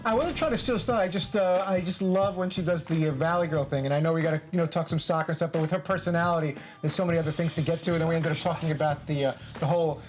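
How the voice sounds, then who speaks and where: A man co-hosts casual studio banter and defends himself in a hurry. He talks very fast in a fairly high voice, with faint noise behind him. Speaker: co-host.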